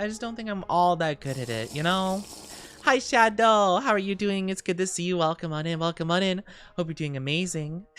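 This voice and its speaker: A young adult woman streaming live, chatting casually and greeting viewers by name, a little tired and quick to giggle. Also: mid-range voice, a bit bright, smooth. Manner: chatty, reads viewer comments aloud and greets them, giggly.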